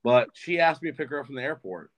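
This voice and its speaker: A man's voice: mid-range voice, lively intonation, fast. A man in his twenties, a podcast guest, telling a rambling, profane story in casual chat. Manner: rambling and profane, with frequent restarts.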